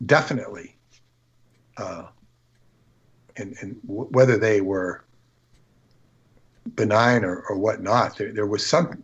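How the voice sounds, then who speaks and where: A man's voice: lowish voice, slightly rough. A man on a casual livestream, telling rambling anecdotes full of restarts and quoted asides. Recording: dull lo-fi stream audio.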